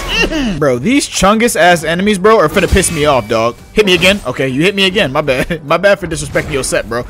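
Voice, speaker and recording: A young man doing casual gameplay commentary as a gaming YouTuber, excitable and slangy, yelping and shouting at the game. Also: fairly high pitch, brisk, few pauses, music in the background.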